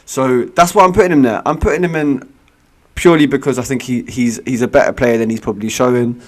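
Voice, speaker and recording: A man's voice: medium pitch, fairly even intonation, quick pace. Playful man in football banter. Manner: playful, argumentative, slangy. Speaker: podcast co-host.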